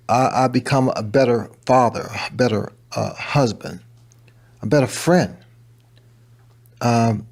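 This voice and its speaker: A man who is a guest on a show, speaking calmly and reflectively. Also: medium pitch, slightly rough. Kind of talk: reflective interview conversation.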